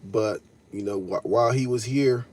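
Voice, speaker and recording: A man's voice: on the low side, moderate pace, darkish tone, husky. A man hosting a live stream, talking loosely in slang and answering his chat. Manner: loose slangy talk, addresses chat directly. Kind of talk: casual live-stream commentary.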